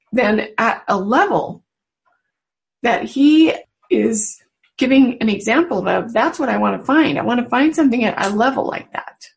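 A woman with a somewhat high voice gives a personal spiritual talk to a webinar audience. She speaks as a mother, earnest and confiding, leaving unhurried pauses between her thoughts. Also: poor audio. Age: adult mother. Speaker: webinar presenter.

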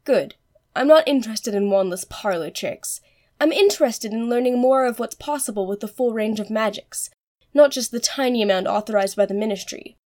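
A woman's voice: fairly high pitch, moderate pace, darkish tone, natural voice. A woman voicing a haughty, proud young girl heiress with scornful, sulky retorts in a fan audiobook reading.

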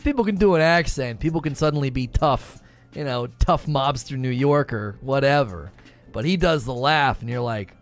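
A man hosts a casual live stream and talks through his thoughts in a loose, rambling way. He breaks off for quick asides and reads comments from chat. His voice sits a little high, with soft music underneath. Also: animated. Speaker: livestream host.

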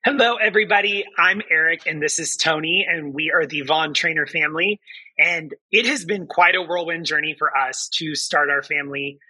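A man who is a podcast guest, speaking earnestly and excitedly. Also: fairly high pitch, normal speed, husky, no echo, rough recording. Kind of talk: podcast interview.

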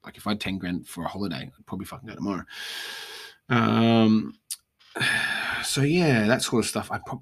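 A young Australian man talks through a casual solo podcast in a somewhat low voice. He rants bluntly, swearing freely as he goes. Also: a little fast. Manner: profane, blunt, ranting. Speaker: podcast host.

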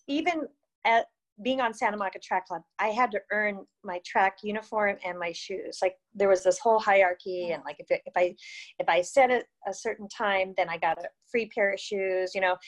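A woman in her fifties recalls her years as a runner in an easygoing, conversational way. Her talk is loose and chatty, packed with "you know" and "like", and laughter breaks in now and then. Her voice sits at an ordinary middle pitch. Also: poor audio. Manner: laughs often while telling stories. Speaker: interview guest, former distance runner. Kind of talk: casual storytelling.

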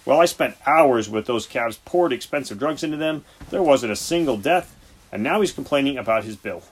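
Man reading earnest young vet, husky, mid pitch, defensive, audiobook. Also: animated, moderate pace, lightly acted. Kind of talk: audiobook character voice.

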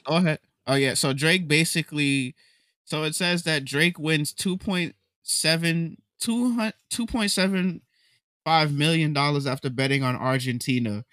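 A man's voice: a little high, a little slow, fairly bright tone, dry recording, clean studio sound. A man co-hosting a casual podcast chat in a playful, teasing way, often laughing along. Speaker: podcast co-host.

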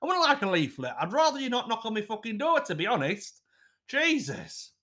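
A man's voice: high voice, big pitch swings, normal speed, a bit bright. A man hosting a comic podcast, reading letters aloud with sweary, laughing asides. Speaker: podcast host.

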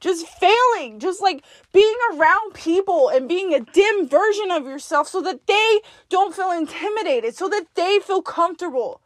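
High-voiced woman, blunt and profane, coaching herself in a dry, close recording. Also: lively intonation, normal speed, hardly any pauses, no room sound. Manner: talks to herself in second person. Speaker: podcast host. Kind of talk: self-directed pep talk monologue.

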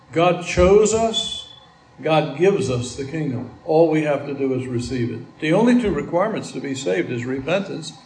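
A man's voice: on the high side, a little mellow, roomy sound, a little hiss or hum, rough recording. A man preaching a sermon as pastor, talking conversationally with asides and restarts.

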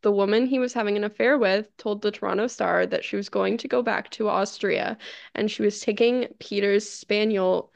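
Gravelly woman podcaster, dry close sound. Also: medium pitch, steady tone, normal speed, no room sound. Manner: conversational, stumbles over foreign names, laughs easily. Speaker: podcast co-host. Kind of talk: casual true-crime chat.

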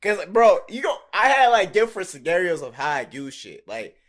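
A young man co-hosting a casual podcast, telling stories with lots of swearing and frequent laughter. His voice sits a bit higher than most men's. He talks loosely and vividly, acting out the moments he describes. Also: normal speed. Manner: animated storyteller, swears freely, laughs often. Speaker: podcast co-host. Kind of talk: casual chat.

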